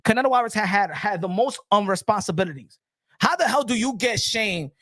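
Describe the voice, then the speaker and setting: A man giving animated boxing commentary, ranting excitably with many restarts. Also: high-pitched, brisk, no room sound, studio quality.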